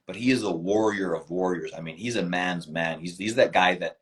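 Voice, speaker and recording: A man with a fairly low voice, guesting on an interview and telling stories with lively, emphatic energy. He talks casually and leans hard into his points. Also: a little fast. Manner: animated, emphatic storyteller.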